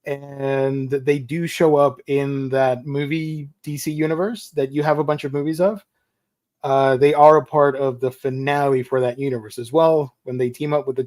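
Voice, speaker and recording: A man's voice: mid-range voice, a little mellow. A man chatting as a guest about comic movies and books, explaining at length with many fillers. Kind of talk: casual chat.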